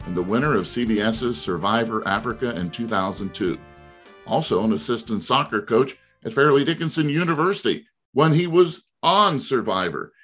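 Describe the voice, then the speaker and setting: A man hosting a sports interview show, reading formal introductions and questions in a measured way. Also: mid-range voice, a bit bright. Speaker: radio show host.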